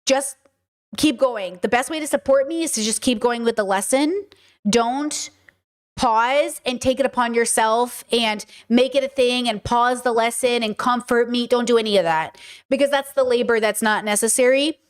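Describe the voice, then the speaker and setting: A woman's voice: fairly high pitch, moderate pace. A woman hosting a casual chat stream, talking in an emphatic way with lots of fillers. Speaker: streamer and host.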